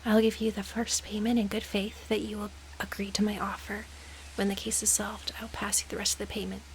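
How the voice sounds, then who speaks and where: A woman's voice: mid-range voice, level tone, fairly quick, a little hiss or hum, close to an everyday voice, rough recording. A woman voicing a secretive anonymous letter writer in a whispered role-play. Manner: hushed whisper.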